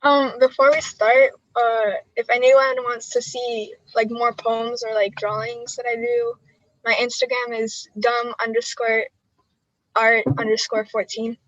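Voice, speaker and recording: A teenage girl with a high voice reads her spoken word poetry over a video call, earnest and emotional. The sound is dry and a little muffled, without much room tone. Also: little pitch movement, unhurried, a bit bright, no room sound. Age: teens. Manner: earnest, emotional delivery with nervous laughs between poems. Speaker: student poet.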